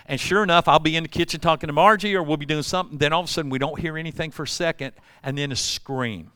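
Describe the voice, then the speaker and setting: A man's voice: a little high, fast talker, sharp tone, clean tone, no echo, clean studio sound. An older man preaching a sermon, telling folksy stories and acting out voices. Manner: folksy storytelling with acted-out voices. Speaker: pastor.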